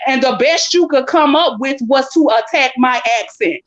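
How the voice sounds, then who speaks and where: A woman with a Southern US accent argues on a live call-in panel. She is profane and confrontational, hammering the same challenge again and again. Her voice sits high, and the call audio sounds dull and lo-fi. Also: moderate pace.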